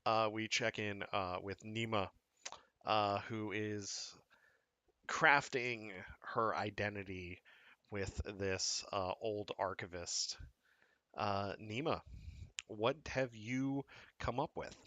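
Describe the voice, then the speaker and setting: A man's voice: lowish voice, takes it slowly, bright, forceful tone, dry recording. A man narrating a tabletop role-playing game as game master, in a hesitant way with many fillers.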